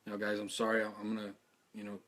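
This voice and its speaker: A worn-out man giving an earnest live video statement to his followers, halting and stuttering, repeating his words. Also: lowish voice, completely flat delivery, a bit bright. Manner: earnest, heartfelt. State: exhausted. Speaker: activist streaming a live video.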